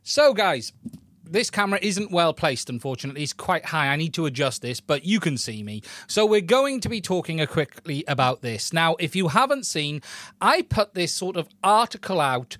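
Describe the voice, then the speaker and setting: A man's voice: a little high, very animated, moderate pace, fairly bright tone, no echo. Chatty man hosting a tech stream. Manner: chatty, greets viewers by name. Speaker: tech live stream host. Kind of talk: casual live stream chat.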